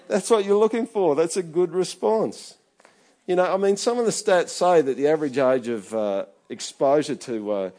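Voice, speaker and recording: A middle-aged pastor with a medium-pitched, slightly mellow voice delivers a conversational sermon. He's chatty and keeps checking in with his congregation.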